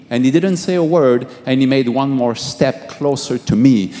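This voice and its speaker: A middle-aged man, a pastor, giving a halting testimony sermon, repeating words and swinging from hushed to raised. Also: medium pitch, soft background music. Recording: long hall reverb.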